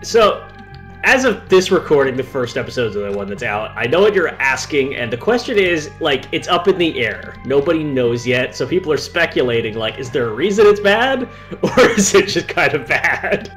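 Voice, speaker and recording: A man's voice: a little high, very animated, normal speed, a bit bright, faint music behind. Wry joking man commentator. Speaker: podcast co-host. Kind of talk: let's play commentary.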